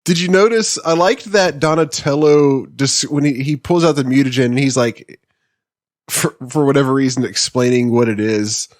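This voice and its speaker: A man's voice: mid-range voice, moderate pace, no echo, studio quality. A man co-hosting a podcast, chatting casually and laughing often as he points out small details. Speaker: podcast co-host. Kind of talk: casual chat.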